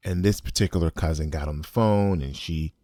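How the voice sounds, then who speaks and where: Deep-voiced man telling a blunt story. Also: a little fast, mellow, no room sound, clean studio sound. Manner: blunt, profane, emphatic. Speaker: podcast host. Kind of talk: personal storytelling monologue.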